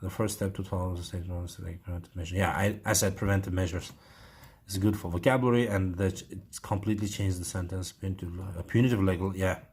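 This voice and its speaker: A man's voice: sits low, steady tone, fast, a little mellow, husky. A man with an Uzbek accent, teaching IELTS writing and thinking aloud with many fillers as he corrects an essay.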